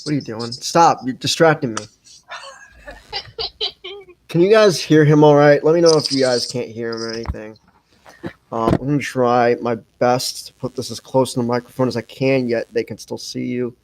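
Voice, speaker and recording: A man's voice: mid-range voice, moderate pace, darkish tone, poor audio. A young man hosting a casual livestream podcast, rambling with lots of fillers and restarts. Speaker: podcast host.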